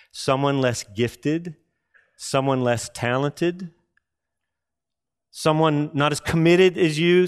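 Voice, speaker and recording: A man preaching a sermon to a live audience, emphatic, asking rhetorical questions and slowing down for emphasis. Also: medium pitch, smooth.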